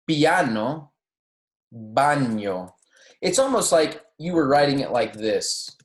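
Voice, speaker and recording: Man slowly teaching Spanish pronunciation. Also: medium pitch, sing-song, reverberant. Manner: patient, modeling pronunciation slowly, self-correcting. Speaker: Spanish instructor. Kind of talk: recorded classroom lecture.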